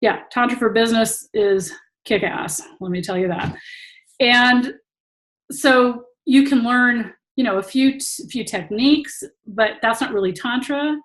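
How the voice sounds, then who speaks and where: A woman's voice: on the high side, unhurried, a bit bright, low-quality recording. Laughing woman teacher on a video call. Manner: laughs often while telling stories. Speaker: tantra teacher. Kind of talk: casual talk to an online audience.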